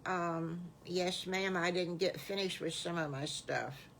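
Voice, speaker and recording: Brief: woman doing a polite little boy alligator, storybook, soft. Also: on the low side, measured pace, creaky, a little hiss or hum. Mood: sheepish. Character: polite young male alligator.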